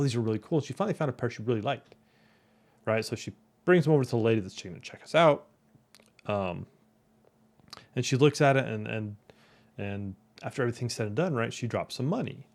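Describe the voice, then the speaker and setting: A man's voice: medium pitch, lively intonation, fast, a little mellow. Chatty man who keeps asking "right?". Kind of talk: casual storytelling talk.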